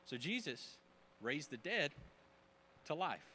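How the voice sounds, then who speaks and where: A man preaching a sermon as pastor, emphatic, swinging between loud bursts and hushed asides. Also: on the high side, big pitch swings, slow, breathy edge.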